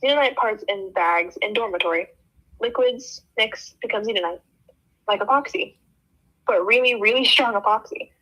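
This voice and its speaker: A woman reading aloud and voicing an earnest alien engineer who speaks in clipped, broken phrases, a little above her usual pitch. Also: moderate pace, sharp tone, rough recording. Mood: matter-of-fact. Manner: choppy clipped phrasing without articles.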